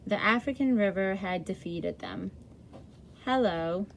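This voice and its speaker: A woman's voice: mid-range voice, measured pace, darkish tone, a little hiss or hum. A woman reading a chapter book aloud to children in a friendly way, with small slips and self-corrections.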